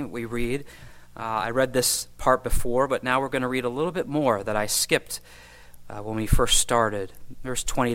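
A man's voice: medium pitch, a little slow, rough recording. Man preaching verse by verse. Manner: reads scripture aloud, then comments with gentle asides and soft laughs. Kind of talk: expository sermon.

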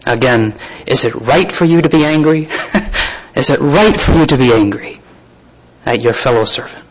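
Male preacher, mid pitch, reads scripture and adds informal comments to the congregation. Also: lively intonation, moderate pace, low-quality recording. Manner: reads scripture then comments with asides and soft laughs. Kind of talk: sermon.

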